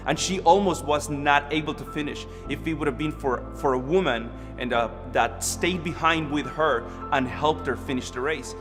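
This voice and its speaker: A man's voice: fairly high pitch, moderate pace, few pauses. A man from Costa Rica, earnestly telling his own story at a church service with frequent restarts. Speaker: church member sharing a testimony. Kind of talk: personal testimony at a church service. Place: church auditorium. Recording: long hall reverb with music under.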